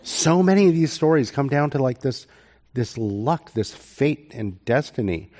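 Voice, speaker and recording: A man at a mid-range pitch moderates a live panel discussion on stage. He asks his questions casually, with easy pauses and filler words, keeping the talk moving. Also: animated, mellow. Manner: easygoing, with frequent "uh" fillers. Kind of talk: conversational panel interview. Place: stage before a live audience at a college.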